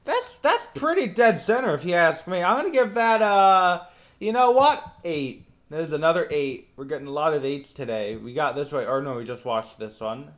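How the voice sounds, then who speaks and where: A man streaming a game, reacting live and rating each landing out loud with quick, excitable commentary. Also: a little high.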